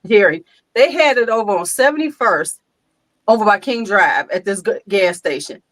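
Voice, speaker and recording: An older woman, hosting a casual chat and telling lively stories, laughing often and acting out quotes. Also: mid-range voice, normal speed, no echo. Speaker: host.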